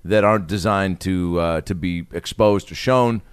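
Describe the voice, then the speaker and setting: A man co-hosting a casual comedy podcast, telling animated stories and slipping into quoted voices. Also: low-pitched, normal speed, smooth, no echo, studio quality.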